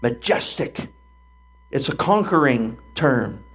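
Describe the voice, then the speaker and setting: Older male pastor, gravelly, animated storytelling sermon. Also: mid-range voice, slow pace. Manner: animated storytelling, acting out voices.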